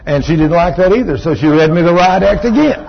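A man's voice: sits high, animated, a little fast, creaky. A pastor in his sixties preaching a sermon, telling folksy, joking stories about his marriage. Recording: dull lo-fi recording.

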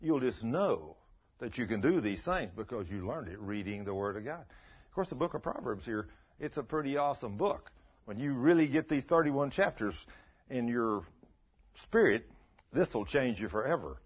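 Husky-voiced preacher, folksy sermon delivery, dull lo-fi recording. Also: male voice, mid-range voice, lively intonation, moderate pace. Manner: folksy storytelling, swings between soft and loud.

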